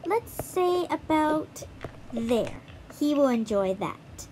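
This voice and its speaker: A woman's voice: high voice, big pitch swings, slow, background noise. A woman giving a casual, chatty walkthrough of a mobile game, talking straight to her viewers. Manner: chatty, addresses viewers directly. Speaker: gaming YouTuber.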